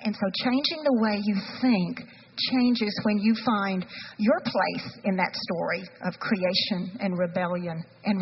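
A woman's voice: mid-range voice, slight background noise. Woman pastor preaching in a reverberant hall. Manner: earnest, frank, reads scripture aloud. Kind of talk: sermon. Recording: dull lo-fi sound with long reverb.

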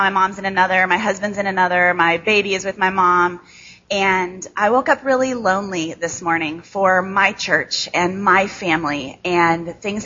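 A woman in her thirties from Chicago with a nasal American Midwest accent, giving a candid, self-deprecating talk to a church audience with many ums and halting restarts. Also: mid-range voice, bright, forceful tone, slightly rough, highs cut off. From Chicago, USA. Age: 30s. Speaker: guest speaker. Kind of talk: conversational speech to a church audience.

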